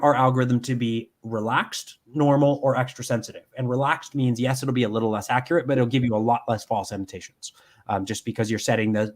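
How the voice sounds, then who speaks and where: A man with a medium-pitched voice gives a live software demonstration from his home. He explains each step in turn, often saying um and starting over.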